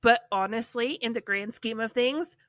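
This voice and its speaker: Woman podcast host, animated storyteller, bright and a touch high, dry close sound. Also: normal speed, dry recording. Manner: animated, heavy use of "like". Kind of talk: casual storytelling chat.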